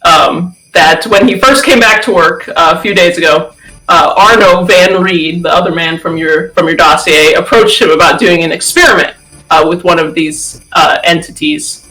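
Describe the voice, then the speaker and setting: A man's voice: a little high, moderate pace, sharp tone, faint music behind, rough recording. A man narrating as game master of a tabletop game, chatty and laughing, with many fillers.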